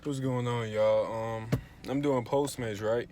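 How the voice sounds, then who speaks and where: A man's voice: medium pitch, takes it slowly, heavy background noise. Laid-back young man vlogging. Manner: slangy, laid-back, animated storytelling. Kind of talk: casual vlog chat.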